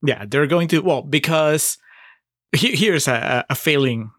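A man's voice: a little high, lively intonation, unhurried, a bit bright, no room sound, clean studio sound. A man co-hosting a podcast, wryly picking apart a film and laughing often. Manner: wry, laughs often, pokes holes in the plot. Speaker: podcast co-host. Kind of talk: casual movie review chat.

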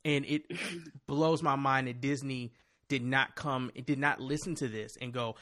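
A man's voice: mid-range voice, fairly even intonation, measured pace, fairly bright tone. A man hosting a casual chat, ranting animatedly and swearing freely.

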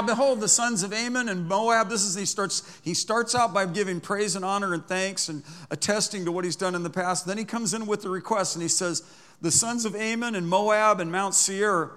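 A man with a high, bright voice preaches to his congregation in a church. He reads scripture aloud and builds into emphatic, rising declarations. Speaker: pastor. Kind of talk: sermon.

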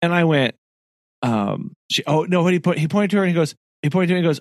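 In clean studio sound with no room sound, a podcast co-host with a fairly high voice tells a story at a quick pace during casual chat. He laughs a lot, keeps things animated, and acts out the people he quotes.

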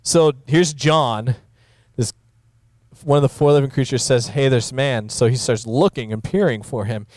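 A man, a pastor, teaching through a Bible passage in a casual, conversational way, with many fillers and rises in pitch for emphasis. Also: moderate pace, darkish tone, dry recording, studio quality.

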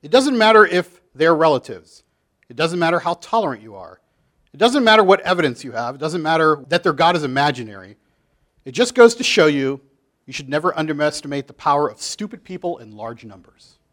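Animated, high-voiced man leading a group. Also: a little fast. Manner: animated, chatty, with many filler "like"s. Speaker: Bible study group leader. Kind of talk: casual group talk, reading comics aloud.

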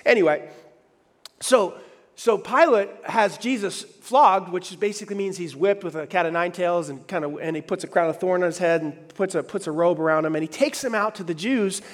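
A pastor preaching a lively sermon, acting out the voices he quotes. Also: sits high, normal speed. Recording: long hall reverb.

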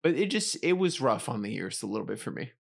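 A man co-hosting a podcast and chatting casually about a film. He talks in a jokey, expressive way, with a lively pitch that moves a lot. He often backs his co-host up with quick agreement. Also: vocal fry. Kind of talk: casual movie chat.

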